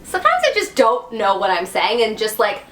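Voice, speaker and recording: A woman's voice: on the high side, wildly swooping pitch, normal speed, a bit bright, slight background noise. Bubbly, giggly woman. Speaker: YouTube wellness host. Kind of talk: casual talk to camera. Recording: echoey room.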